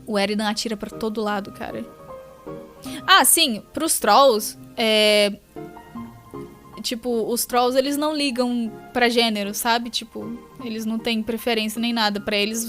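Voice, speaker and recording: A woman chats and explains as she reads on her stream, in a loose, rambling way. Her voice sits fairly high, and faint music plays behind her. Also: a bit bright. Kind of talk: casual commentary while reading a webcomic live.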